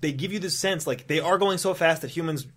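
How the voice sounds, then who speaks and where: A man's voice: fairly high pitch, quick pace, fairly bright tone. A young man co-hosting a comic book podcast, laughing often and praising the artwork. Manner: laughs often, enthusiastic about the art. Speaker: podcast co-host. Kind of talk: casual comic book discussion.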